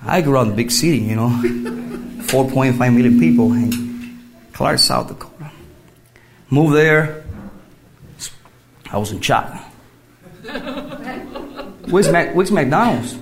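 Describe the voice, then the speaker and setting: A man giving a personal faith testimony, telling his story in halting English and laughing through it. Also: mid-range voice, a little hiss or hum. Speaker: testimony speaker.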